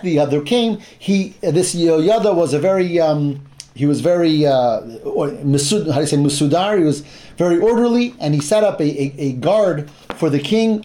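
Pria pengajar dengan suara agak tinggi. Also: male voice, on the high side, a little mellow. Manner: halting, restarts phrases, mixes in Hebrew terms. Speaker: Bible teacher. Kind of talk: explanatory Torah class.

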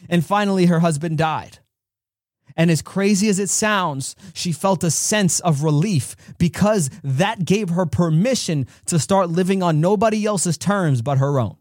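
A man hosts a podcast, delivering an earnest, direct faith-based motivational talk packed with stories. His voice sits high with a darkish tone, and he speaks at a measured pace in a dry, studio-quality recording.

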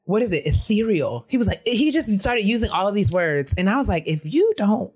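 Animated woman co-host telling stories. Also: mid-range voice, a little fast, breathy edge. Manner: animated storyteller, acts out quotes with laughter. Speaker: podcast co-host. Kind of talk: casual chat.

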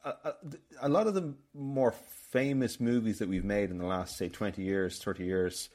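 A man's voice: fairly low pitch, normal speed, darkish tone. An Irish man hosting a casual film podcast, rambling and telling stories with lots of restarts. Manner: chatty, rambling, storytelling with many restarts. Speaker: podcast host.

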